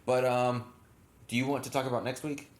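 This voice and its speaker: A man's voice: mid-range voice, level tone, a little fast. A man co-hosting a casual reaction chat, rambling with lots of fillers and self-corrections. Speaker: channel co-host. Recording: echoey room.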